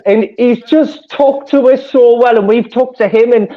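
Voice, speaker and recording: A man with a Geordie accent, a football fan gushing excitedly in a casual chat, laughing often. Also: extremely high pitch, normal speed. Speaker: fan panelist. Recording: muffled lo-fi audio.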